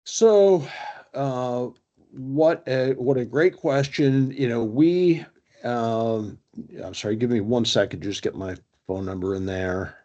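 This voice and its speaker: A man presenting an online workshop on a video call, talking briskly with a storytelling manner and plenty of fillers. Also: mid-range voice, warm tone, lo-fi sound.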